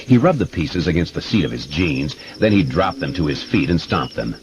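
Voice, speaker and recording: A man giving expressive, measured narration of a horror audiobook. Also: a bass voice, background noise. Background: music.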